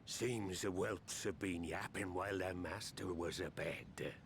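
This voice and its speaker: A man's voice: deep voice, takes it slowly, a little hiss or hum. An actor playing an old, weathered male pirate captain who lectures his crew in old-fashioned pirate speech. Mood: stern. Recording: game soundtrack music behind.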